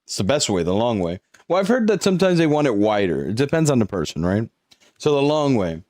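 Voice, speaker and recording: A man's voice: mid-range voice, very animated, brisk, a little mellow, no room sound, studio quality. A young man on a live stream, chatting casually with viewers and walking them through a game, swearing now and then as he hypes them up.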